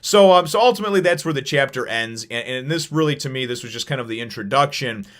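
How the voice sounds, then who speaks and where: Guy doing a laid-back comic review, rambly, tons of "like" and "you know", gets animated. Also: mid-range voice, fast talker. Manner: animated, acts out characters' lines. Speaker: manga review channel host. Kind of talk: casual spoken review.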